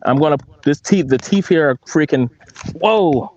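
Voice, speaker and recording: A man out fishing who talks in excited bursts, swears and calls people bro and dude. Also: a little high, normal speed, no room sound. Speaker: angler. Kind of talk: excited casual chat while fishing. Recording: dull lo-fi sound with steady noise.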